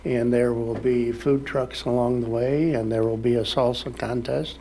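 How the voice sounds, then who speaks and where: A man's voice: mid-range voice, steady tone, moderate pace, mellow, slight background noise. A man speaking at a city council meeting in a folksy, rambling way, full of fillers and restarts.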